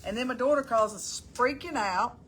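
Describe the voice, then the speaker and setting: A middle-aged woman, hosting a casual live stream. Her voice sits a little higher than most and runs on in a chatty, folksy ramble as she calls out viewers by name. Faint background hiss sits under her voice. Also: moderate pace, a bit bright.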